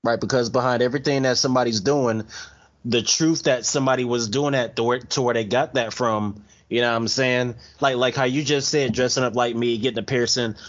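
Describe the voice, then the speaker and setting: A man's voice: medium pitch, steady tone, fairly quick, lo-fi sound. A man in a casual podcast chat, talking earnestly and rambling.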